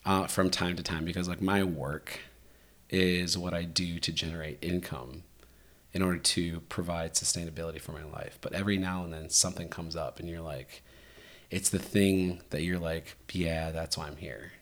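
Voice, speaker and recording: Animated low-voiced man, casual podcast chat. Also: moderate pace. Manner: animated storytelling, many fillers. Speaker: podcast host.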